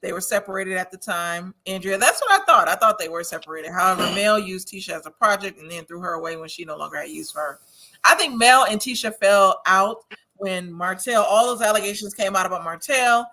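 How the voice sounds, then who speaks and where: A woman's voice: medium pitch, animated, fairly quick, bright, forceful tone. A woman from Wisconsin hosting a casual TV recap show, reading viewer comments aloud, chatty and opinionated, laughing often. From Wisconsin, USA.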